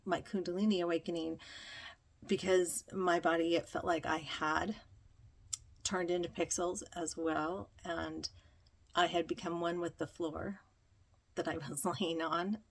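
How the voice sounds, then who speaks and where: A woman telling a reflective personal story, slow and dreamy, with many ums. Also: fairly low pitch, flat delivery. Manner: slow, dreamy, breathy with frequent ums and laughter. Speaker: spiritual vlogger.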